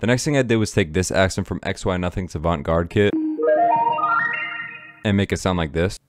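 A man's voice: low voice, normal speed, dry recording, clean studio sound. A man explaining his music production steps in a casual tutorial voice-over. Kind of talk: screen-recorded production tutorial.

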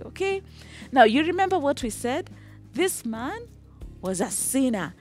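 A woman teaching a children's Bible lesson, telling the story with lively animation, breaking into song and checking in with "okay?". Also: high voice, unhurried, faint music behind. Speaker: Sunday school teacher.

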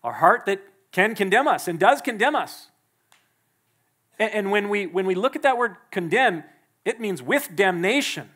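A male pastor preaching a sermon in a church, emphatic and quick to act out the people he quotes. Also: high-pitched, expressive, a bit bright. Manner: emphatic, acts out the quoted speakers.

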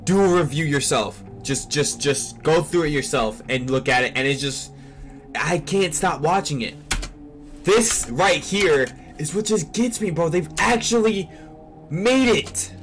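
A young man hosting a casual reaction vlog on a desk mic, rambling excitedly and repeating himself. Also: fairly high pitch, a little slow, faint music behind. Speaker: channel host reacting to a trailer.

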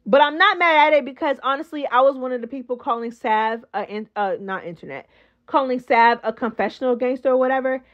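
A woman's voice: high-pitched, a little fast, dull audio. A woman hosting a casual reality show recap, chatty and slangy, talking straight to her viewers. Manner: chatty, slangy, animated, addresses viewers as girl.

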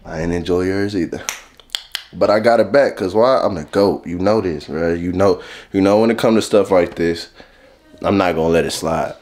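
A young vlogger teases and laughs often in a playful, casual prank video. His voice sits low and a little mellow, at a normal pace, in an echoey room with light noise.

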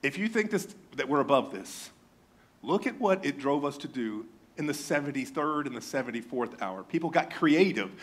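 A male pastor preaching a sermon, animated and joking, often mimicking his congregation in a raised voice. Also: mid-range voice, normal speed.

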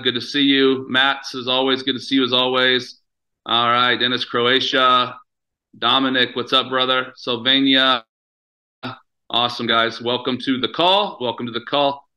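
An American man hosts a company video call with a bright, forceful voice. He sounds pumped up and talks loosely, full of fillers and restarts. His voice comes through a computer mic. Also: medium pitch, poor audio. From United States. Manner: upbeat, hyped, many fillers. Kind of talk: casual webinar hosting.

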